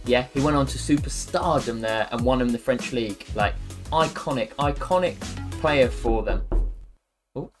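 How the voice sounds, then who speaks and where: A man's voice: mid-range voice, normal speed, soft background music. A man joking and grumbling his way through casual football game commentary. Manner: sarcastic and jokey, with bursts of frustration. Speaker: gaming commentator.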